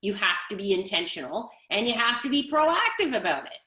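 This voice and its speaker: A woman coach speaking on a conference panel in an energetic, emphatic way, building points through repetition. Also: mid-range voice, a little fast, reverberant. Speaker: guest speaker, leadership coach.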